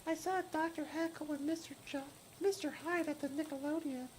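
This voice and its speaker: A man voicing a listless, absent-minded young woman hitchhiker in a high, soft, distant falsetto. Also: fairly even intonation, brisk, a little hiss or hum.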